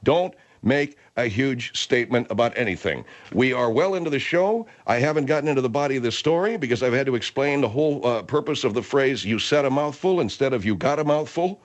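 A man hosting a comedy radio show, exasperated and bossy with his guests. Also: medium pitch. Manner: exasperated, bossy, quick to laugh.

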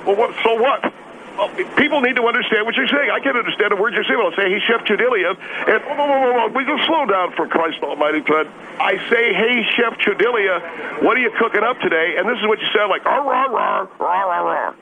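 A man's voice: high voice, animated, narrow, tinny audio, a little hiss or hum, pitched above the performer's own voice. A man doing a brash, irritable restaurant owner. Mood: exasperated. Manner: brash, fast, swearing. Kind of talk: radio comedy sketch.

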